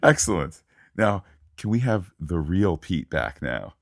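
A man's voice: low-pitched, sing-song, a little slow, creaky, no echo, clean studio sound. A man hosting a casual podcast, bantering playfully with his co-host and leading the show.

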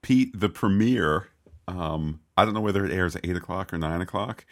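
Very deep-voiced animated man. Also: fast talker. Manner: animated, exclaiming, reads quotes aloud. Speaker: podcast co-host. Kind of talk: casual chat.

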